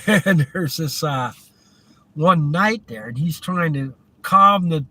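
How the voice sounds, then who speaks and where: A man's voice: fairly high pitch, expressive, slow pace, pushed and bright, poor audio. A man hosting a live driving vlog, rambling and chuckling as he thinks aloud from inside a moving car. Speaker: vlog host. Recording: road noise from a car.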